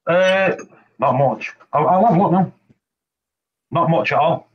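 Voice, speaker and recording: A man's voice: on the high side, a little slow. A man hosting a casual live stream, chatty and repetitive, explaining each step as he demonstrates. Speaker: reef-keeping show host. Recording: slightly muffled live-stream audio, faint hiss.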